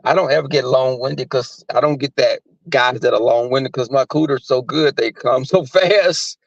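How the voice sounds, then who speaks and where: A man's voice: medium pitch, normal speed, vocal fry, no room sound. A man hosting a livestream, talking crudely and rambling in casual chat, often laughing. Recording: dry muffled recording.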